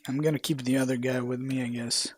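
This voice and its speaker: A man's voice: medium pitch, fairly even intonation, quick pace, dry recording. A man streaming a video game live, giving casual commentary. He swears freely and laughs at what happens on screen.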